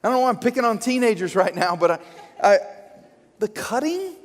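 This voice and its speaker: A man preaching a sermon as pastor, an animated, joking storyteller who acts out quotes. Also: very high-pitched, brisk. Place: church sanctuary. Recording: long church hall reverb.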